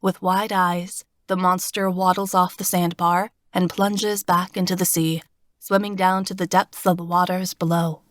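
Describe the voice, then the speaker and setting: A woman reading a first-person fantasy audiobook in a steady, expressive storytelling voice, recorded on a close studio mic. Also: on the low side, a little slow, no room sound. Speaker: audiobook narrator.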